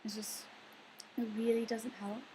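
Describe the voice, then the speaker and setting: A woman's voice: fairly high pitch, flat delivery, measured pace, mellow, slight background noise, rough recording. A young woman in a casual advice vlog, earnest and rambling, with many filler words. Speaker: vlogger.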